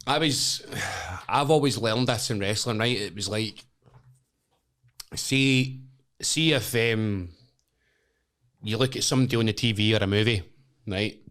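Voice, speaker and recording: A young Scottish man, a wrestler and podcast guest, telling animated, swear-filled stories and acting out the voices of the people in them. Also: fairly low pitch, a little slow, pauses often. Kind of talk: casual storytelling chat.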